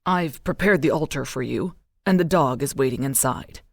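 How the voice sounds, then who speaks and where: A woman voicing an obedient male dog servant giving a quick, dutiful report. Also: a bass voice, vocal fry, dry recording, studio quality, exaggerated voice.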